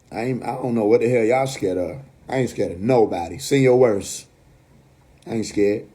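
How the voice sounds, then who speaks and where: This host's voice is mid-range, a little mellow, and husky, with a New York accent. He rants casually on a phone livestream from home, blunt and cursing, with laughing asides between his points.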